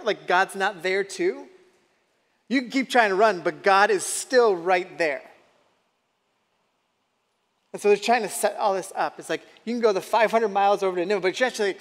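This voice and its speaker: A man's voice: sits high, fairly bright tone, big-room sound. A man preaching a sermon in a conversational way, often asking the audience questions. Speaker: pastor.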